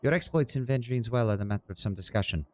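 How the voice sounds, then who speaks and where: A man putting on a composed female judge from a fantasy game, speaking up high in a strained falsetto. Her words lean into a faint Celtic-sounding lilt. She is calm, formal and searching. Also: fast talker, natural voice. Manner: strained raised pitch for a female voice, accent slipping into a Celtic-like lilt.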